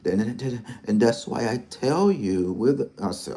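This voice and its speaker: Rambling man with a low mellow voice. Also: big pitch swings, takes it slowly. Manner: rambling, repetitive, teasing. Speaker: lottery channel host. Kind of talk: casual commentary.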